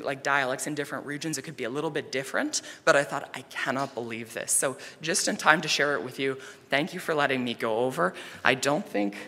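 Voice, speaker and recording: Male conference presenter, bright and chatty, telling stories in a reverberant hall. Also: fairly high pitch, a little hiss or hum. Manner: conversational, many fillers, animated retelling. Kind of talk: storytelling presentation.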